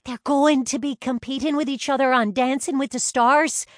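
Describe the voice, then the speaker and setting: Brief: a woman voicing a high, loud, gushing young fan, slow and dry-sounding. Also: very animated, dry recording, exaggerated voice. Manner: squealing, breathless enthusiasm.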